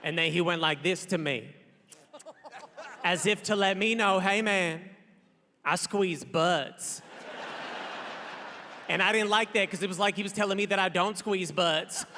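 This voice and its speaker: A man in his thirties doing a loud, playful stand-up comedy set on a large theater stage, acting out characters. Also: high voice, moderate pace. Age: 30s. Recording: long hall reverb, crowd noise.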